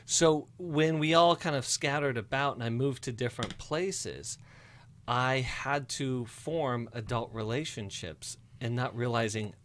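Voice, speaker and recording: A man's voice: mid-range voice, a little slow, fairly bright tone. Upbeat, enthusiastic male radio host. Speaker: radio talk show host. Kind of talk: casual radio talk. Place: radio studio.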